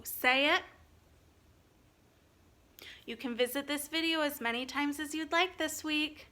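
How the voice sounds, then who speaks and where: Woman, kindergarten teacher, video phonics lesson, bright tone, encouraging, clear. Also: high-pitched. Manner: slow, clear, encouraging teacher talk to young children. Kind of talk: recorded online phonics lesson.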